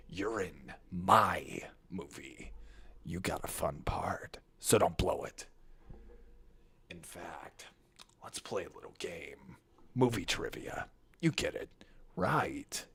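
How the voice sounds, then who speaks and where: A man doing a sultry whispered villain, low and breathy. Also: expressive, slow pace, a bit bright, dry recording, full character voice. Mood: sultry menacing. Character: sultry menacing male riddle villain. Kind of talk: whispered role-play.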